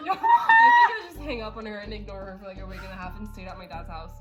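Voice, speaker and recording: A woman's voice: medium pitch, big pitch swings, quick pace, highs cut off, over music. A young woman, casually telling a profane childhood party story to a friend, laughing often. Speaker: vlogger.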